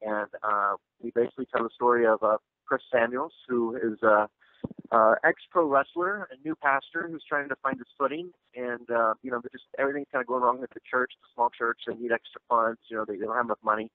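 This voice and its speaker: A man's voice: mid-range voice, fairly even intonation, brisk, no room sound. A man being interviewed about his film, talking casually with lots of fillers and restarts. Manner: rambling, full of fillers and restarts. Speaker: actor and filmmaker guest. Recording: tinny dry phone line.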